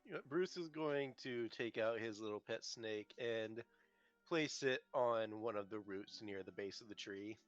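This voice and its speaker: A man playing a tabletop game, describing his character's actions in a halting, playful way. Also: lowish voice, highs cut off, faint music behind. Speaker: player.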